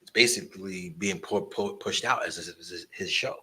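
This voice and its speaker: A man telling animated stories about promoting shows, swearing freely and acting out the voices of the people in them. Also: deep voice, normal speed, slightly rough. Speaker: guest storyteller, concert promoter and barber. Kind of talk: casual storytelling interview.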